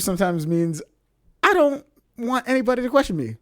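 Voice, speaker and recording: A young man co-hosting a podcast, telling a story in a casual, animated way and laughing often as he acts out what people said. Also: very high voice, a little fast, dry recording, studio quality. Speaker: podcast co-host.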